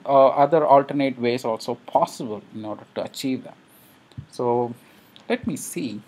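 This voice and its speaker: Husky man teaching a coding screencast. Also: mid-range voice, darkish tone. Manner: thinks aloud with frequent uh fillers. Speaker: programming instructor.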